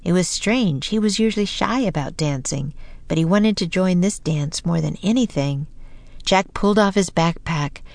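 A woman narrating a children's storybook in a gentle, even way. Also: lowish voice, normal speed, no room sound. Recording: dry close recording, faint music.

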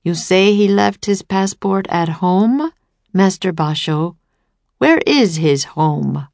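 A woman's voice: lowish voice, animated, slow pace, gravelly, a little mellow, no echo, full character voice. A woman voicing a stern, suspicious male samurai warrior who speaks formally and asks probing questions.

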